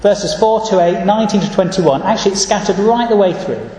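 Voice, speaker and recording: A man preaches in a steady, earnest way, often pausing to read out scripture verses. His voice sits fairly high for a man. It rings through a large church hall with a long, echoey tail. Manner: earnest, measured, reads scripture verses aloud. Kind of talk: sermon.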